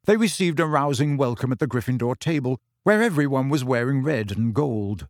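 Male storybook narrator, measured delivery, dry close sound. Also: mid-range voice, lively intonation, dry recording. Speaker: audiobook narrator. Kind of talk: scripted narration.

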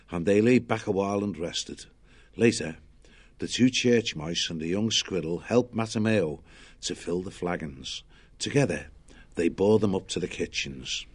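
A man narrating an audiobook in a measured storytelling manner. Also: sits low.

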